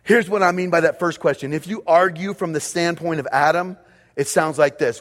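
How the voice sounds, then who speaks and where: A man's voice: on the high side, normal speed. A man preaching a sermon as pastor, speaking emphatically and repeating key phrases for his congregation. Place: church auditorium. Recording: long reverb of a large hall.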